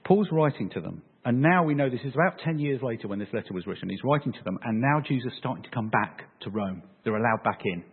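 A man preaching a sermon, animated and joking with his congregation. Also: medium pitch, fast talker, few pauses, breathy edge. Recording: phone-like, echoey hall sound.

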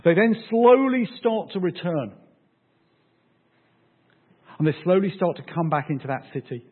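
A man's voice: sits high, big pitch swings, normal speed, narrow, tinny audio. A man preaching a sermon in a casual, conversational way, often checking in with his listeners.

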